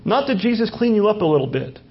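High, gravelly-voiced man preaching. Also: very animated, fast talker. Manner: teaching, repeats phrases, asks rhetorical questions. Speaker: pastor. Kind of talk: sermon. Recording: dull lo-fi sermon recording.

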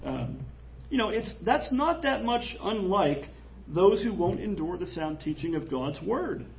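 A man preaching an animated, jokey sermon in church, acting out quoted voices. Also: high-pitched, unhurried, gravelly, muffled recording, slight background noise. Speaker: pastor.

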